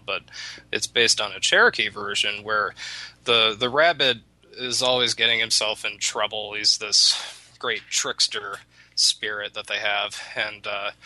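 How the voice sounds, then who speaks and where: Brief: a low, very bright male storyteller with a halting, rambling delivery, dry sound. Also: no echo, rough recording. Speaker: storyteller in a chat. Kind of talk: casual chat.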